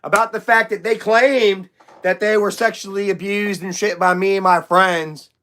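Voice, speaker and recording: A man's voice: sits high, fairly even intonation, moderate pace, sharp tone. A young man hosting a casual livestream chat, rambling, loose and profane, with lots of fillers. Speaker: livestream host.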